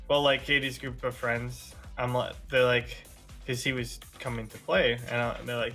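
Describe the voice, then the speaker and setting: A man's voice: mid-range voice, little pitch movement, normal speed, sharp tone, soft background music. A young man from Wisconsin chatting casually while gaming on stream, telling rambling stories, acting out quotes and swearing freely. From Wisconsin, USA.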